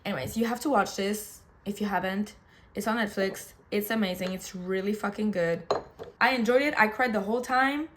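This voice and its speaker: A woman's voice: medium pitch, moderate pace, a bit bright. A young woman booktuber chatting casually, rambling and gushing emotionally about books and a film. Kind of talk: casual chat. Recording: faint background noise.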